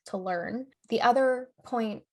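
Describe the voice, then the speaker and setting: A woman's voice: fairly high pitch, takes it slowly. A young adult woman co-hosting a podcast in casual chat, laughing often and tagging her points with "right?" and "okay?". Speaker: podcast co-host.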